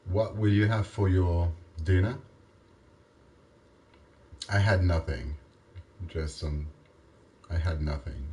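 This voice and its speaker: A man from Europe chatting casually, halting and repeating his words in non-native phrasing, with faint rain behind him. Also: sits low, fairly even intonation, warm tone, slight background noise. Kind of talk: casual one-sided chat.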